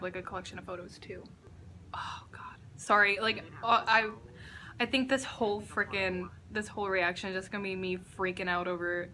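Gushing young woman with a bright voice. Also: medium pitch, a little hiss or hum. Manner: excitable and gushing, swears freely. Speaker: reaction vlogger. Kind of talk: casual reaction vlog. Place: indoors at a friend's house.

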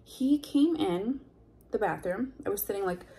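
A woman's voice: mid-range voice, expressive, measured pace, mellow. A woman telling a personal story in a confessional vlog, candid and heated, full of fillers and blunt swearing. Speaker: vlogger.

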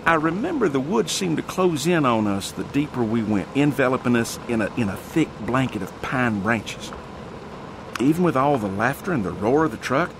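A man's voice: fairly low pitch, background noise. A man narrating a first-person ghost story in a dramatic storytelling manner. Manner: dramatic, drawn-out storytelling with sudden shouted quotes.

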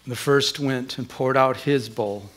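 Measured in pace and mid-range in pitch, a middle-aged man delivers a sermon as a pastor. His personal anecdote features animated, acted-out dialogue and frequent restarts.

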